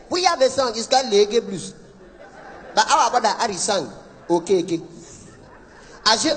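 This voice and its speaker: A man with a Nigerian accent doing fast, animated stand-up that keeps breaking into song, recorded live in a large concert hall. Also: sits high. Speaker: stand-up comedian. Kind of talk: stand-up comedy with Pidgin asides. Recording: echoey hall, live show.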